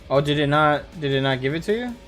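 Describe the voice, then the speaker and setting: A man hosting a gaming stream, chatting in a relaxed way with dry humor. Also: a little high, fast, soft background music. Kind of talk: casual gaming chat.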